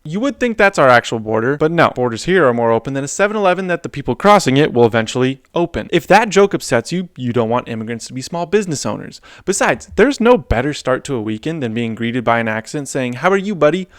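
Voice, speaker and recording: A man hosting a comedy show, delivering a scripted satirical monologue in a deadpan, mocking way. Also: medium pitch, quick pace, hardly any pauses, dry recording, clean studio sound.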